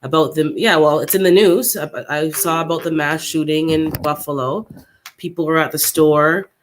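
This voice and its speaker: A man hosting a casual livestream for his viewers, upset and unsettled, who thinks out loud in a halting way and often repeats his words. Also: on the high side, fairly even intonation, a little hiss or hum. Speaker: gardening channel host.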